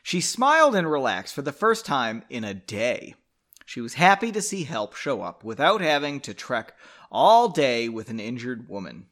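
A man's voice: medium pitch, sing-song, normal speed, a bit bright. A man hosting a podcast, reading his own novel aloud and drinking as he goes, breaking in with sarcastic, profane, self-mocking asides. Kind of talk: comic read-aloud with asides.

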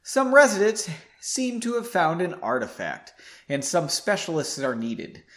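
A man voicing a calm, businesslike male mage handing out assignments. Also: sits high, unhurried, heavily acted.

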